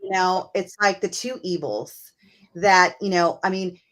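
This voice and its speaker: A woman's voice: fairly low pitch, measured pace, a bit bright. Earnest woman hosting a chat. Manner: earnest, talks things through with fillers like "you know" and "like". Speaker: host. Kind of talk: casual conversation.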